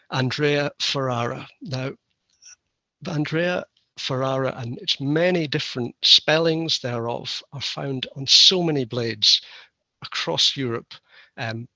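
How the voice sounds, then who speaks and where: A man's voice: mid-range voice, creaky, bright, forceful tone, no room sound, lo-fi sound. A man giving a keynote conference lecture with a wry, self-deprecating manner. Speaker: keynote speaker.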